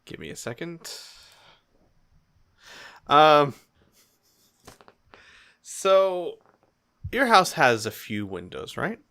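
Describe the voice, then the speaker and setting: A man narrating a tabletop game as its game master, bright in tone. He talks in a slow, casual flow, loose with fillers and easy laughter. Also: a little high, big pitch swings.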